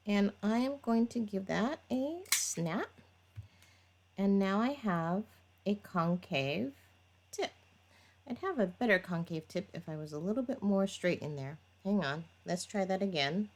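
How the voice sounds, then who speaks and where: A woman vlogger chatting casually as she walks through a manicure step by step, narrating while she works and laughing at her own slips. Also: medium pitch. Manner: chatty, talks while working, laughs at herself. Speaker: nail tutorial vlogger.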